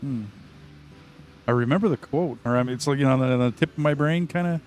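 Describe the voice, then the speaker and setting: A tired man hosting a relaxed gaming chat, musing aloud over a headset mic. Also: medium pitch, fast, faint music behind. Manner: laid-back, musing aloud. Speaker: gaming channel host.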